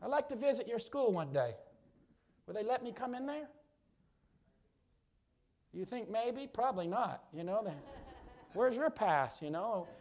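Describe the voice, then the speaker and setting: A man with a strikingly high voice delivers a sermon from the pulpit. He preaches fervently, calling out loudly one moment and dropping to an easy, chatty aside the next. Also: sing-song, a little slow, long pauses. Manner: fervent, swings from loud exclamations to quiet chatty asides.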